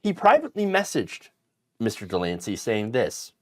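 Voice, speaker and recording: A man's voice: mid-range voice, very animated, normal speed. A man hosting an online political commentary show, talking in an indignant, emphatic way with frequent fillers and restarts.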